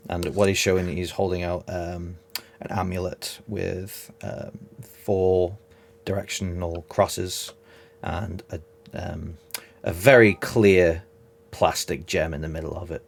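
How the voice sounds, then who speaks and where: A man narrating as game master of a tabletop game, relaxed and reassuring, with many ums. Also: low-pitched, slow, vocal fry.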